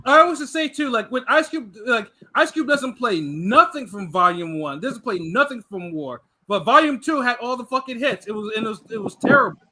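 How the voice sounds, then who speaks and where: Male co-host, high and bright, chatty with stuttering restarts. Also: expressive, moderate pace, few pauses. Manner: stammering restarts, laughs often. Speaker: podcast co-host. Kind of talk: casual chat.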